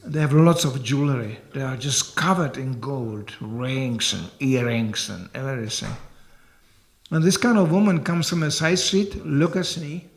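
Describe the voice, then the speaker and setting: Older man with a gravelly voice. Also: medium pitch, a little slow. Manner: animated, chuckling storyteller. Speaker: monk giving a temple lecture. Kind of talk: sermon with storytelling.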